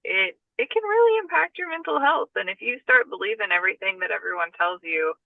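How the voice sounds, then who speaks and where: A woman's voice: medium pitch, expressive, brisk, gravelly, no room sound. A woman talking as a guest about paranormal research, chatty, with frequent laughs and fillers. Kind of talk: casual conversation. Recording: tinny phone-line audio.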